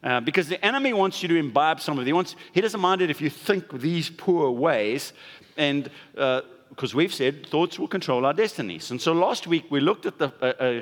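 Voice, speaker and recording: Man preaching a sermon, kinda higher voice, long echo from the hall. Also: fairly bright tone. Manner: conversational preaching with emphatic stress. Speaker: pastor.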